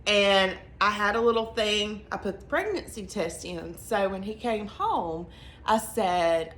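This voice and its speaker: A woman's voice: mid-range voice, a bit bright. Young Southern woman, casual vlogger, earnest storyteller; roomy echo, faint background noise. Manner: chatty, earnest, quick bursts between slow emphatic phrases. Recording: echoey room with faint ambient noise.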